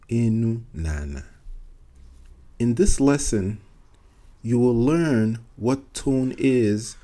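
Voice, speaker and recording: A man teaching a beginner language lesson, speaking slowly and deliberately and repeating each line in two languages. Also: on the low side, warm tone. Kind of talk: slow bilingual language lesson.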